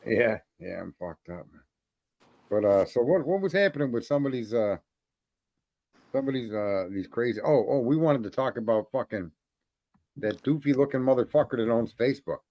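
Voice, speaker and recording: A man of middle pitch spins long, crude stories, swearing freely and laughing at himself as he goes. The sound is dry and close, with no room around it. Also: lively intonation, moderate pace, warm tone, dry recording. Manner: profane, rambling anecdotes with laughter. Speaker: host. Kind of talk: crude casual podcast storytelling.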